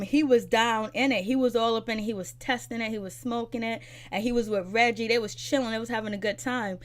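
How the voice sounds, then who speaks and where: Woman reviewer, slightly high voice, casual chatty recap, acts out the characters' lines. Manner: chatty, loose retelling with many fillers, voices characters' lines. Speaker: TV episode reviewer.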